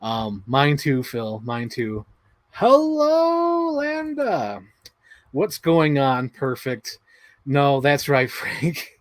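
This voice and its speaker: A man hosting a livestream, chatting excitedly and rambling, swearing freely as he talks. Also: mid-range voice, slow pace, no echo. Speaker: livestream host. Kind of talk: casual chat.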